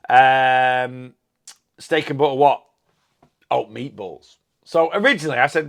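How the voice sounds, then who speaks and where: A man talks through his week in a casual vlog, rambling happily and lingering on the food he loves. His voice has a gravelly, fry-tinged edge at a middling pitch. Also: measured pace, fairly bright tone. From England. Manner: chatty, rambling, enthusiastic about food. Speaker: weight loss vlogger.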